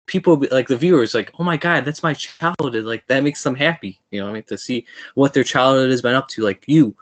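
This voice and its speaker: A man's voice: medium pitch, fast talker, no room sound. A man hosting a podcast interview, eager and chatty, often repeating himself. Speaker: podcast host. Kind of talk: casual interview.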